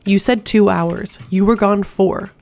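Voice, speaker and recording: An audiobook reader voicing a worried, short-tempered young warrior man who snaps in exasperation, in a flat, gravelly tone. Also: medium pitch, unhurried. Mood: exasperated. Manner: snapping, exasperated.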